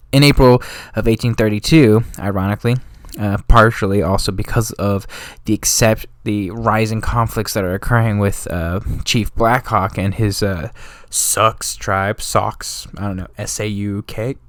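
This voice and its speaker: A man with a fairly low voice talks through history in a loose, slangy way, like a casual channel host. He rambles and often corrects himself mid-sentence. The recording is close and dry, with no room sound. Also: no room sound. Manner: slangy and offhand, drifting into street talk; rambling, with frequent self-corrections.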